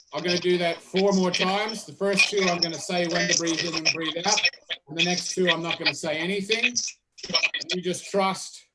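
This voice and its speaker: A man leading a drama workshop, talking participants through a physical and vocal warm-up with steady, repetitive cues and playful asides. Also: on the high side, very noisy. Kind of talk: guided warm-up instructions.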